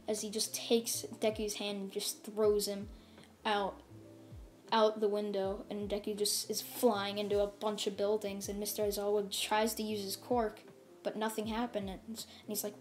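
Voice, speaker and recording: A woman's voice: medium pitch, flat delivery, moderate pace, a little mellow. A woman casually narrating a fan story off the cuff, rambling and filling her talk with "like" and "and stuff". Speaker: channel host. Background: faint music.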